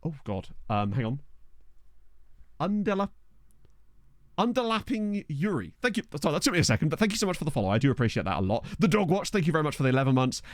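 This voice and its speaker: A man with a slightly high voice and big pitch swings casually chats and jokes through a football management game on stream, thanking his viewers between quick laughs. The desk microphone recording is dry and clean, studio-like.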